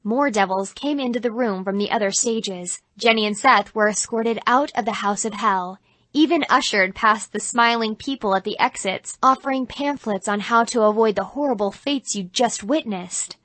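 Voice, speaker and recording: A woman narrating an audiobook in an even, clear storytelling voice. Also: fairly high pitch, normal speed, no echo.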